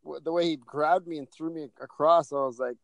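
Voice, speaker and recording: A man's voice: a little high, fairly even intonation, brisk, creaky, crowd noise, rough recording. A man co-hosting a casual podcast, telling a rambling story with restarts and fillers. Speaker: podcast co-host.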